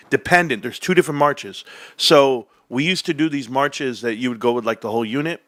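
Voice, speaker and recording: Animated, lively-voiced male streamer. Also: medium pitch. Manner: animated, swearing, laughing often. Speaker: livestream host. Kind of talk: casual livestream chat. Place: home desk setup.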